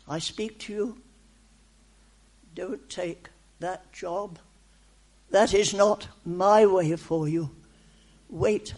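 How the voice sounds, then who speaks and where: A woman delivers a prophetic message in the voice of God, speaking in short, repeated, reassuring phrases. She speaks slowly, with long pauses between her words. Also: fairly low pitch, a little mellow. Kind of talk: prophetic speech in the first person as God.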